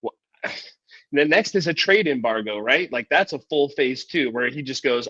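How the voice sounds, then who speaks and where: A man's voice: mid-range voice, unhurried, pushed and bright, husky, muffled recording. A man co-hosting a podcast in casual chat, laid-back and profane, calling people dude and bro. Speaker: podcast co-host.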